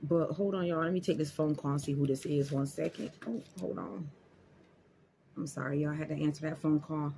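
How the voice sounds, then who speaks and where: Man, motivational talk, emphatic, repeats himself, slightly high pitch, faint background noise. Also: steady tone, a little fast, gravelly, warm tone. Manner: emphatic, repetitive, addresses viewers as y'all. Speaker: motivational vlogger. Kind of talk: casual motivational talk to camera.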